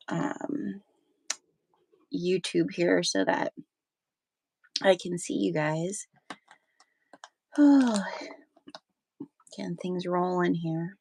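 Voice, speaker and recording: A woman's voice: lowish voice, dry recording. A woman hosting a live sewing stream, chatting casually with viewers while she has the hiccups. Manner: chatty, many fillers and restarts. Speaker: sewing livestream host.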